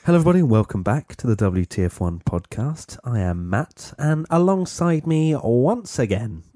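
Jokey male podcast host, dark tone. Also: mid-range voice, lively intonation, unhurried, no room sound, studio quality. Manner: jokey, teasing, with restarts. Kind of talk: casual podcast chat. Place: small room.

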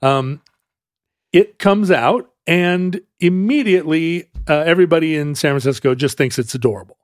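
Man, podcast co-host, rambling jokey storyteller, fairly high voice, dry close sound. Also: normal speed, no room sound. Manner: rambling, jokey, many fillers. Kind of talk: casual chat storytelling.

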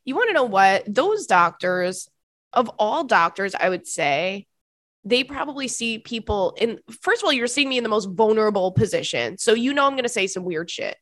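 A young woman hosting a podcast in casual chat, animated and prone to high, squealing laughter, recorded close on a microphone. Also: moderate pace, dry recording. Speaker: podcast host.

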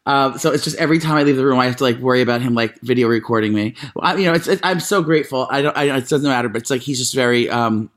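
Fast-talking man telling animated stories. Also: mid-range voice. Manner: animated storytelling, frequent fillers. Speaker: podcast co-host. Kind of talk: casual chat.

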